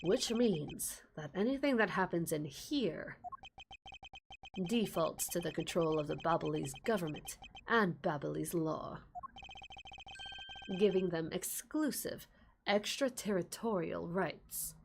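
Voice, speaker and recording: A woman voicing a stern, formal male prosecutor in a game, explaining the rules in a measured way. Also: fairly low pitch, vocal fry, slight background noise, voice pushed down.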